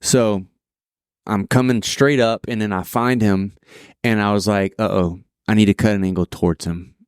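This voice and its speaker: A man hosting a podcast, telling his own story in an easygoing, halting way with plenty of fillers. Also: lowish voice, fairly even intonation, clear, resonant tone, no echo, studio quality. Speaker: podcast host. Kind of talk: casual podcast conversation.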